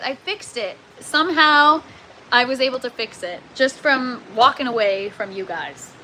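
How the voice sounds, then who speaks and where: A woman's voice: high voice, lively intonation, a little slow, pushed and bright, a little hiss or hum, low-quality recording. A Canadian woman chatting casually with viewers on a gardening livestream, self-mocking and laughing often, sounding tired. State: tired from lack of sleep. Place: indoor grow tent.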